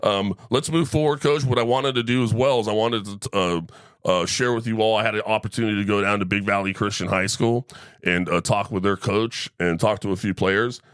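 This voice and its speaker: A man's voice: lowish voice, fairly quick, clear, resonant tone, no room sound, studio quality. A middle-aged man hosting a sports podcast, telling a story in casual chat and tagging his lines with "right?". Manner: animated storyteller, tag questions like right?. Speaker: podcast host.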